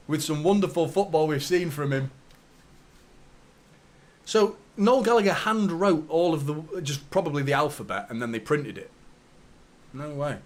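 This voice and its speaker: Excitable fan commentating live. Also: male voice, moderate pace, long pauses. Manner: excitable play-by-play, jumps to high excited shouts. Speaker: football fan channel host.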